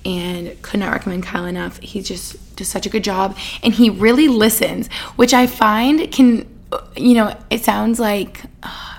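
A woman's voice: medium pitch, fairly even intonation, unhurried, gravelly. A young woman hosting a podcast, chatting casually in a bubbly, rambling way, full of "like" and little laughs. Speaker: podcast host. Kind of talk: casual chat.

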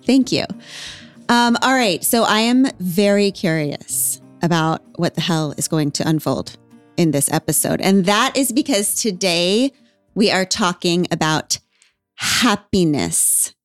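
A woman's voice: fairly low pitch, expressive, unhurried, dry recording, soft background music. A woman hosting a podcast in casual chat, wry and emphatic, laughing often. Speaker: podcast host.

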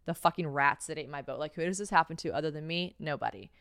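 A woman's voice: low voice, fast talker, vocal fry, a bit bright, clean tone, dry recording, clean studio sound. A young woman hosting a podcast solo, chatty and profane, telling stories with lots of fillers and sounding worn out. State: tired. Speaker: podcast host.

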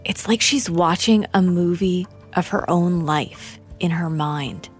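A woman narrating a true-crime story in a measured, grave way. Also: on the low side, faint music behind. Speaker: documentary narrator and interviewer.

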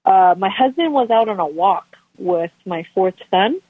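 A woman's voice: medium pitch, a little slow, dry recording. A woman in her thirties, a podcast guest, telling a birth story in casual chat and acting out her family's voices. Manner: animated, acts out family members' voices. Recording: tinny phone-line sound, dry.

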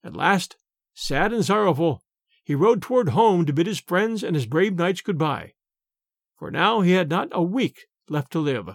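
A man narrating a storybook tale in an expressive, measured reading voice. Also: sits high, creaky, no echo, clean studio sound.

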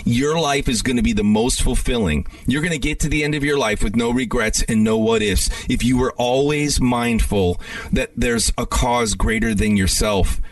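A man's voice: mid-range voice, moderate pace, no echo, distant mic. A man who is a guest singer-songwriter, telling stories earnestly and reflectively in a casual interview.

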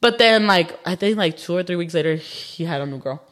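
A woman's voice: fairly low pitch, animated. A young woman chatting casually as a podcast guest, slangy and blunt, switching between English and Spanish and filling her talk with "like" and "bro.". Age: young adult. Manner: fast, slangy, mixes Spanish into English, says "like" and "bro" constantly. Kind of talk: casual chat.

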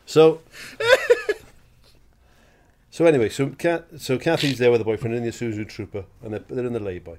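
A man co-hosting a podcast, swearing freely and telling an animated comic story. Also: mid-range voice, normal speed, pauses often, a little hiss or hum. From Wales. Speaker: podcast co-host. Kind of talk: casual comedy chat.

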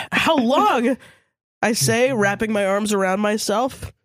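A woman with a high voice reads a story for a comedy podcast. She breaks up the reading with frequent laughter and casual swearing, and the recording is close and dry. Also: slow, dry recording.

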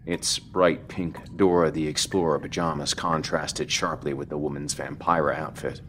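A man reading a horror story aloud in a measured, even storytelling manner for a podcast. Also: rumbling low, a little hiss or hum. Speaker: podcast narrator. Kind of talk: scripted horror narration.

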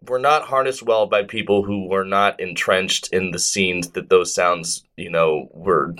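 A man co-hosting a casual podcast, talking in a thoughtful, measured way and often hedging his opinions. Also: deep voice, fairly even intonation, fairly bright tone. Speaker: podcast co-host.

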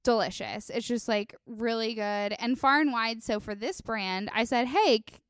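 A woman's voice: a little high, moderate pace, a bit bright, smooth, no echo, studio quality. Bubbly young woman talking wine. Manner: bubbly, laughs often, many ums. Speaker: winemaker guest. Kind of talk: casual podcast chat.

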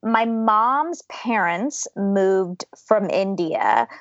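A woman's voice: medium pitch, expressive, very slow, no echo. A young woman from Georgia, a podcast guest telling her childhood story in a reflective, chatty way with frequent laughs. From Georgia, USA. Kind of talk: casual interview storytelling. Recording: dull, dry lo-fi sound.

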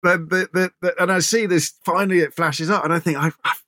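A radio presenter telling stories as an interview guest, animated and anecdotal, with frequent restarts. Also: male voice, high-pitched, brisk, dry recording, clean studio sound. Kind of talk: casual interview storytelling.

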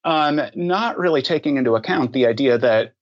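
A man answering questions as a podcast guest, talking thoughtfully and pausing often with ums and restarts. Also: mid-range voice, lively intonation, dull audio. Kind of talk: conversational interview answers.

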